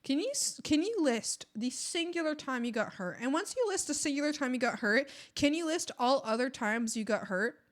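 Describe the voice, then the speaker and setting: Giggly high-voiced woman streamer. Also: expressive, moderate pace, hardly any pauses. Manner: giggly and playful, laughing often; rambling, with repeated restarts. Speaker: art streamer. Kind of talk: casual chat with viewers.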